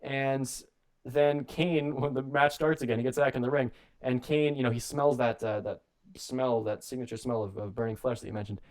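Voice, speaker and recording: A young man co-hosts a wrestling podcast on a radio show and tells a long comic story. He rambles and jokes, stacking fillers and restarts as he goes. His voice sits at an ordinary middle pitch for a man. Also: fairly even intonation, darkish tone. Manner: rambling, jokey, acts out bits in quick put-on voices. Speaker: podcast co-host.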